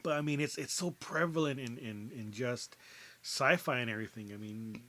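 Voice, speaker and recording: The co-host speaks at a moderate pace in a bright, forceful, mid-range voice. His casual podcast chat rambles with many fillers and restarts, and he swears freely.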